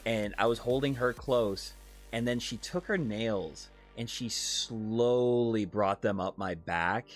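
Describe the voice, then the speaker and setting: A man's voice: lowish voice, slow pace, soft background music. A man live-streaming casual chat, reading viewer questions aloud with giggly, profane banter.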